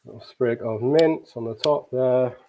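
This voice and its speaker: A man cooks live against the clock, his mid-pitched voice flustered and breathless as he rushes. Once he slows down he explains his dishes in a chatty way, full of ums, over a faint bed of noise. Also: dull audio. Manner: flustered and breathless under time pressure, then chatty explaining with many ums. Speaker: chef hosting a live cooking challenge. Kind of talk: live cooking demonstration.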